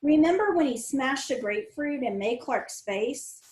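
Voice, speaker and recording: A woman voicing an excitable, eager young girl, speaking in an eager, breathless way. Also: high voice, moderate pace. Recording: roomy echo.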